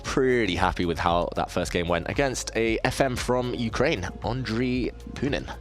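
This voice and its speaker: On a live stream, a southeast English man with a low, deep voice talks through his chess moves at a moderate pace, thinking aloud. He chats easily with viewers and pokes fun at himself, while soft music plays faintly behind him.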